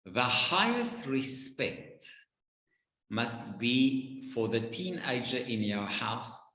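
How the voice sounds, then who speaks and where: Man, parenting speaker, lively emphatic delivery, preachy repeated commands; roomy long-reverb hall sound. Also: medium pitch. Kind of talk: advice talk with anecdotes. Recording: echoey room with long reverb.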